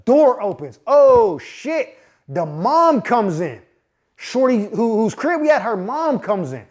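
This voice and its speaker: Speaking a little slowly in a voice that sits high, a Pittsburgh man in his forties hosts a podcast. His funny personal story is full of slang and lively impressions of the people involved, with frequent "you know what I'm saying" asides to the listener.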